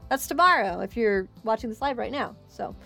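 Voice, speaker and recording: A woman game master narrating a streamed tabletop game, animated and quick when signing off. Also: fairly high pitch, gravelly, soft background music. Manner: animated, quick sign-off with laughter.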